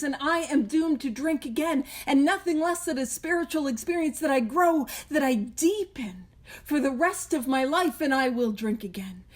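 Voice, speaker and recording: A woman from Canada with a high voice speaks at a recovery meeting. She talks conversationally, with plenty of self-deprecating jokes. She comes through a video call.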